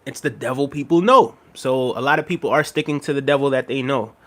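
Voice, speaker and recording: A man's voice: mid-range voice, fairly quick, a bit bright. A man hosting a casual livestream, reading viewer comments aloud and chuckling often as he answers them. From United States. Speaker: livestream host.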